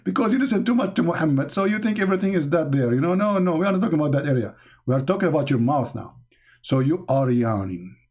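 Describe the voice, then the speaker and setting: A man's voice: on the high side, expressive, fast talker, darkish tone. A man from the Middle East with an Arabic accent, a native Arabic speaker, hosting a live stream and mocking comments from the chat with sarcasm. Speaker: online show host.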